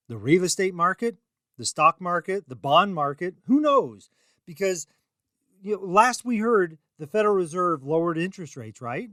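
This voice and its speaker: A middle-aged man who hosts his own radio show and also sells reverse mortgages delivers a casual talk-radio monologue. His voice is on the high side and a bit bright, chatty, rambling and self-deprecating with emphatic rises. The sound is clean studio audio with no room sound.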